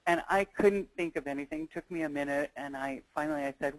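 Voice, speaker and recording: A woman's voice: deep voice, fast talker, hardly any pauses, dry recording, rough recording. A woman presenting a negotiation skills webinar, talking in a conversational, earnest way and weaving in personal stories. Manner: conversational and earnest, thinking aloud.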